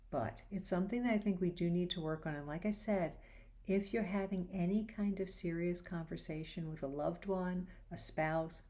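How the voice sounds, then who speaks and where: A woman hosting a faith-based advice show, talking casually and acting out quoted lines with animated shifts in voice. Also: on the low side. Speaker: host.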